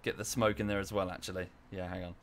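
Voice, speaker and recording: A man's voice: low voice, little pitch movement, quick pace. A man streaming live, chatting casually in a rambling way with many fillers and restarts, thanking viewers in chat as he goes.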